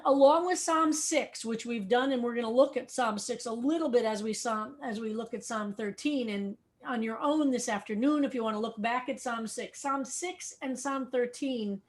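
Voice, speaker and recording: A fairly high-voiced middle-aged woman leads a Psalm study as a rabbi. She explains slowly and carefully, repeating the points that matter. Her voice carries a video-call sound. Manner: thoughtful, explains step by step, repeats key points. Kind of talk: teaching a text study class.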